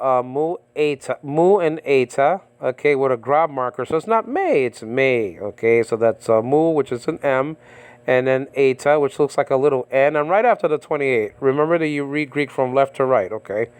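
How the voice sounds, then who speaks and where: A man teaching a casual verse-by-verse lesson on biblical Greek and Hebrew, halting often with fillers and checking in with "okay?". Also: medium pitch, clean tone. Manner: halting, many fillers and repeated okays. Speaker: Bible teacher. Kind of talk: informal verse-by-verse language lesson.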